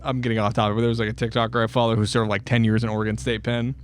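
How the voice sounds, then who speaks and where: A man co-hosts a casual true-crime podcast, cursing freely, laughing, and acting out quotes. He talks very fast in a mid-range, level voice, and the recording has a little hiss or hum.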